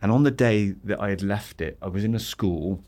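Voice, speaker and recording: A man's voice: fairly low pitch, fairly quick, darkish tone. A man being interviewed as an education leader, speaking in a reflective, anecdotal way. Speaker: school trust leader, guest. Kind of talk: conversational interview.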